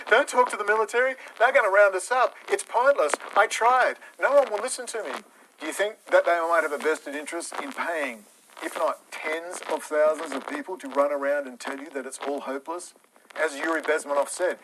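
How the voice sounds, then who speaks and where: A man's voice: a little high, background noise. A man, ranting bluntly and combatively on a live stream, swearing freely.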